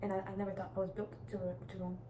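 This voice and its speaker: Teen girl vlogger, flat delivery, rambling and chatty, echoey room with steady background noise. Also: medium pitch, very fast. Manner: rambling, chatty, many restarts and "like" fillers. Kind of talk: casual advice vlog.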